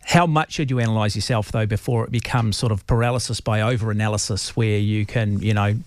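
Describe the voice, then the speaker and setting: A man hosting a radio talk show, eager and quick with his words. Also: on the low side, fairly even intonation, no room sound. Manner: fast, eager talker.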